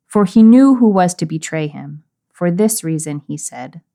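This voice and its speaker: A woman's voice: fairly low pitch, expressive, moderate pace, creaky, warm tone. A woman co-hosting a podcast, reading a Bible passage and musing through it in casual talk, laughing easily. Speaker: podcast co-host.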